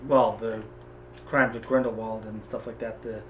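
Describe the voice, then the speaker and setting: An American man co-hosting a casual movie chat. He talks in an animated, opinionated way and keeps jumping into quick asides. A faint hiss sits under his voice. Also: fairly low pitch, lo-fi sound. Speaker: podcast co-host.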